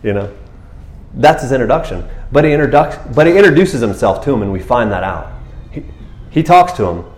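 Male pastor, mid-range voice, lively sermon delivery with acted-out character voices, echoey room. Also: a little fast. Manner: animated storytelling, acting out scenes with high excited voices and laughter.

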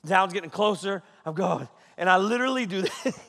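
A man in his thirties, a pastor telling a funny story in a sermon, animated, keeps checking in with "okay?" and laughs along. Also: high voice, a little fast, creaky. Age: 30s. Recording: reverberant hall.

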